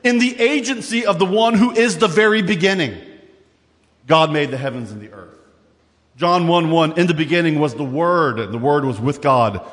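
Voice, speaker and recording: A man delivers a sermon with lively, conversational energy, often stumbling over repeated words and breaking off into asides. His voice sits a little high for a man. The sound carries a long reverb, as in a large hall. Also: moderate pace. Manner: animated, conversational preaching with asides and repetitions. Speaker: pastor.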